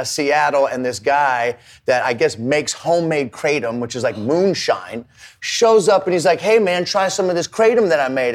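A man telling a rambling, profane story in casual chat, acting out the people in it. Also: fairly high pitch. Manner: animated, swearing, acts out his story. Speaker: comedian and rapper guest.

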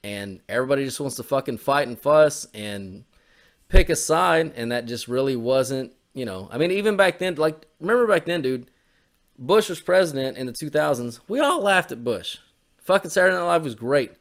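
A man's voice: medium pitch, lively intonation, moderate pace. A man co-hosting a podcast, rambling in casual chat and swearing a lot. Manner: rambling, swears often, drawls. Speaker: podcast co-host.

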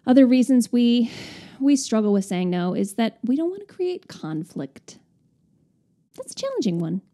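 A woman co-hosting a casual advice podcast, chatty and expressive, working through a topic with her co-host. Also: on the high side, moderate pace. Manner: chatty and expressive, with laughs and sighs.

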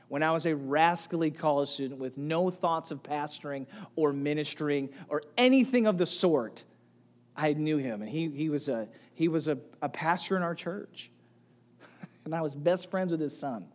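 High-voiced animated preaching man. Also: normal speed. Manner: animated storytelling, swinging from soft to loud. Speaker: pastor. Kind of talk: sermon.

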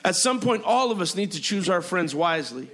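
High bright-voiced preaching man. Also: very animated, a little fast. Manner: preaching with frequent amens and hallelujahs, repetitive rhythmic phrasing. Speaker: pastor. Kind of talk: sermon. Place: church sanctuary.

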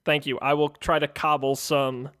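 A man's voice: a little high, flat delivery, moderate pace, noisy background. A man co-hosting a podcast in casual chat, easygoing and jokey as he plugs the show. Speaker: podcast co-host.

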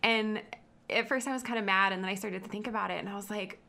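Young female co-host, chatty and bright-toned. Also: medium pitch, steady tone, quick pace, creaky. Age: young adult. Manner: chatty, lots of "like" fillers. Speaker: podcast co-host, student teacher. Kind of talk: casual podcast chat.

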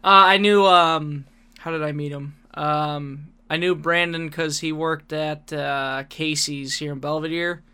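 A man hosting a podcast, his voice sitting fairly high with a bright, clean, polished tone. He talks in a loose, laid-back way, swearing freely and laughing often. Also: fairly even intonation, a little slow, clear, resonant tone. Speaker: podcast host. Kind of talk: casual chat.

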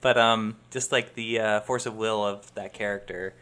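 A man's voice: lowish voice, fairly even intonation, normal speed, a bit bright, clear, resonant tone. A man co-hosting a podcast in a rambling, casual chat, laughing often and filling with "like.". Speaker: podcast co-host.

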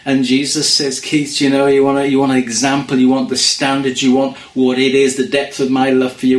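A man's voice: medium pitch, completely flat delivery, a little fast, hardly any pauses. Earnest male preacher, echoey room. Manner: earnest, drops to hushed quoting of scripture. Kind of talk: sermon.

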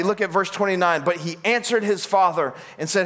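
High-voiced preaching man. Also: fast, hardly any pauses. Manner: animated preaching, acts out quoted voices. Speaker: pastor. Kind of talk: sermon.

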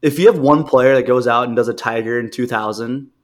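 A man's voice: medium pitch, fairly quick. A man co-hosting a casual talk show, telling rambling stories and acting out the people in them. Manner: rambling storyteller, acts out quoted people. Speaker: podcast co-host. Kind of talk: casual chat.

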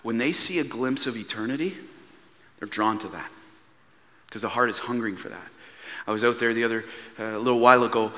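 A male pastor preaching a sermon in a church, earnest and pleading, swinging from hushed asides to loud emphatic lines. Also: medium pitch, a little fast, long pauses, long reverb tail. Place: church hall.

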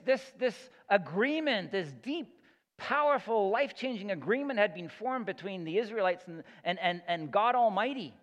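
A pastor delivers his sermon in a slightly high voice, earnest and emphatic, repeating words as he works toward each point. The sound carries a long hall echo. It comes through a dull, lo-fi recording. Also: fairly bright tone.

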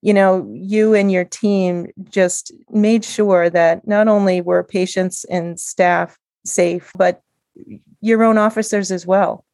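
A woman's voice: mid-range voice, fairly even intonation, takes it slowly, a little mellow, dry recording. A woman hosting a podcast, asking questions and encouraging her guest with frequent agreement. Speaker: podcast host. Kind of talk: casual interview.

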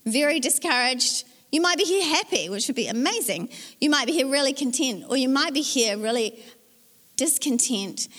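A woman's voice: high-pitched, fairly bright tone. New Zealand woman preaching in a reverberant hall. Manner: conversational storytelling, playful asides. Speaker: pastor. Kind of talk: sermon. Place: church hall. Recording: church hall with long reverb.

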